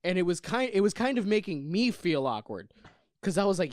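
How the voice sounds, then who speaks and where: A man's voice: high-pitched, big pitch swings, fairly quick, no room sound, studio quality. A young man co-hosting a casual comedy podcast, rambling and laughing as he talks. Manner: rambling, self-interrupting, laughs often. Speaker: podcast co-host.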